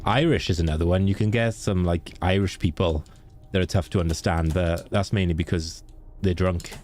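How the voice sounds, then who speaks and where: A young Welsh man with a deep, low voice keeps up easy, chatty talk with his stream audience, answering viewers by name and laughing easily. A faint background noise sits under his voice. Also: steady tone, moderate pace, a little mellow. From Wales. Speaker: game streamer. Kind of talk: casual live-stream chat.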